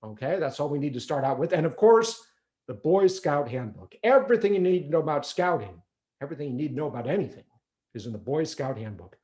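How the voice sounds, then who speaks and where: A man playing a hearty middle-aged scoutmaster who addresses a crowd in a folksy, speechifying way with "uh" pauses. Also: a little high, animated, darkish tone, close to an everyday voice. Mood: welcoming speech.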